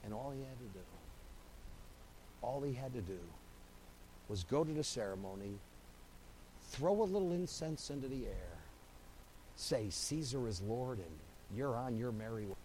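A man preaching a sermon as pastor. He swings from hushed, slow lines to loud, driving buildups and repeats phrases in rising, rhythmic runs. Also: medium pitch, expressive, a little hiss or hum, poor audio.

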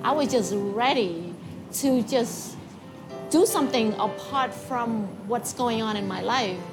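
Woman giving a halting testimony over music. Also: on the high side. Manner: halting, emotional storytelling with repeats. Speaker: testimony speaker. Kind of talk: personal faith testimony. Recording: music playing behind.

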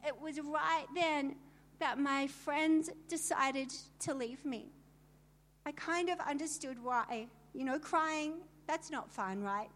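High-voiced woman giving a vivid testimony. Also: takes it slowly, fairly bright tone. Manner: vivid storytelling with emphatic asides to the audience. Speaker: speaker telling her story to a women's gathering. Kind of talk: personal testimony talk.

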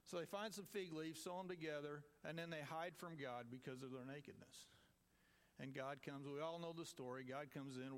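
A man's voice: a little high, fairly even intonation, normal speed. Folksy man preaching casually. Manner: folksy, conversational, jokes with the audience. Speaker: lay preacher with a farm group. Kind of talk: informal sermon.

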